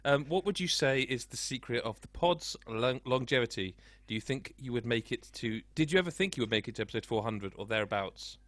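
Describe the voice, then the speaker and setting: A man's voice: mid-range voice, animated, a little fast, few pauses, a bit bright, no echo. A man hosting a podcast over a video call, teasing his guests and steering the chat with questions. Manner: teasing, jokey, asks questions. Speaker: podcast host. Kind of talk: casual chat.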